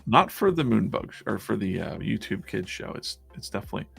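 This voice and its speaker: Deep, gravelly-voiced man chatting on a stream. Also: very animated, brisk, fairly bright tone, faint music behind. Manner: rambling, chatty, with many restarts. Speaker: comic artist and stream host. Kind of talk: casual live-stream chat.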